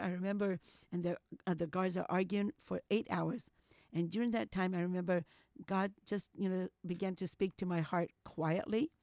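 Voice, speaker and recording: An older woman telling a personal story as an interview guest, animated, acting out what people said and sprinkling in "you know.". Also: lowish voice, creaky, dry recording, clean studio sound. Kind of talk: storytelling testimony.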